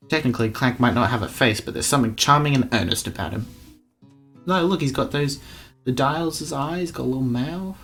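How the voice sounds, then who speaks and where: A man reading a dating game aloud, switching between dry narration and quick jokes. His voice sits at an ordinary pitch, and light background music plays behind him throughout. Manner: animated, jokey, jumps between voices. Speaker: streamer.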